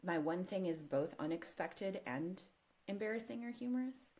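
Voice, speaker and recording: A woman guest telling an animated personal story in casual conversation, often breaking into laughter. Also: mid-range voice, normal speed. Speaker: podcast guest.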